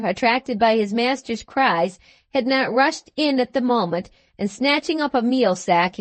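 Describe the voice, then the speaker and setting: Woman reading an old novel aloud, measured and expressive, highish voice, dry close sound. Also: no room sound. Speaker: audiobook narrator. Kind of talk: scripted storybook narration.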